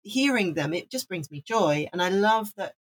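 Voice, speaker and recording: A woman's voice: medium pitch, expressive, moderate pace, breathy edge. A woman from Wales, co-hosting a podcast, talking casually and enthusiastically with frequent restarts. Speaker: podcast co-host. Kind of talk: casual chat.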